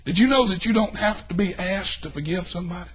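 An older man preaching a folksy sermon, swinging between shouts and hushed asides. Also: sits high, fast, breathy edge. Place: church.

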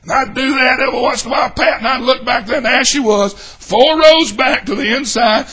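A male Southern US pastor preaching in a church sanctuary with a very high, husky voice. He shouts exuberantly and breaks into whooping cries and laughter. His tone is bright and forceful. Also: fairly quick. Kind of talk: sermon.

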